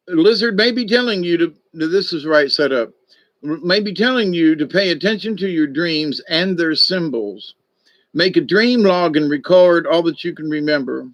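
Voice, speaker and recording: A man reading oracle cards and telling the story that goes with them, wandering off into asides and filling gaps with ums. He talks slowly and easily, in a somewhat high voice. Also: fairly bright tone. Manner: rambling, unhurried, with many fillers. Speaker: card reader. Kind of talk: casual storytelling and card reading.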